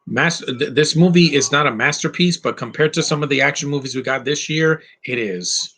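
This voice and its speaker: A man's voice: fairly high pitch, moderate pace, bright, forceful tone, breathy edge. A man giving casual live commentary over a film, opinionated and rambling, with frequent fillers and restarts. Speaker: movie commentary host.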